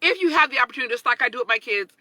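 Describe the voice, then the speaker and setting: A woman in her thirties, hosting a casual motivational talk, chatty and expressive, laughing often and greeting viewers by name. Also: sits high, racing, no echo, rough recording. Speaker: motivational livestream host.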